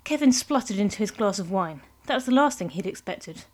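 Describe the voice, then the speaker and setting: Female storyteller, measured comic narration, mid pitch. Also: animated. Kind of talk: scripted narration.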